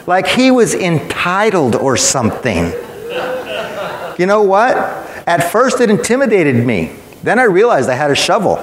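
A man's voice: on the high side, reverberant, in a large hall. A man preaching a sermon in a church, emphatic and matter-of-fact, telling stories to make his point.

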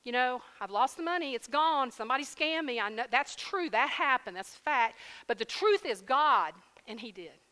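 A woman preaches with a bright, fairly high voice. She tells her story in a lively, conversational way and calls her listeners y'all. Her voice rings with the long reverb of a hall. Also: moderate pace, few pauses. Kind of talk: sermon testimony and prayer.

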